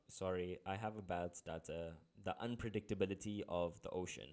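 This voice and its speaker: A man's voice: sits low, animated, moderate pace, hardly any pauses. A man, tutoring in a casual, playful way with jokey asides. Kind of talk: casual exam-prep lesson.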